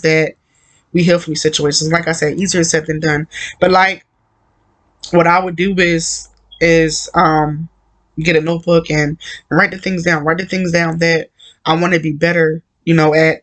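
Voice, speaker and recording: A man's voice: fairly high pitch, a bit bright. A man giving an earnest, conversational devotional talk, repeating his points and filling gaps with "like" and "you know.". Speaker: Christian encourager.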